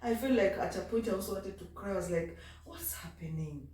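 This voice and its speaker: In an echoey room with the mic set back, a vlogging mom talks casually and a bit wearily, turning to her baby between remarks. She speaks fast with a medium-pitched, mellow voice.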